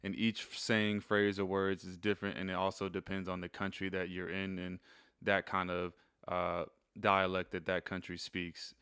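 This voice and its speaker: A young man casually explaining Spanish phrases in a rambling, relaxed way, slowing down when he repeats them. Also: low voice, clear, resonant tone, no echo, clean studio sound. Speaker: host teaching Spanish phrases. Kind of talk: casual instructional video.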